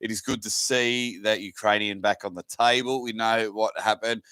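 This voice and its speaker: A man's voice: fairly low pitch, steady tone, normal speed, pushed and bright, smooth, dry recording. An Australian man co-commentating a sports event in jokey, enthusiastic banter. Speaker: guest co-commentator. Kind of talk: casual sports commentary chat.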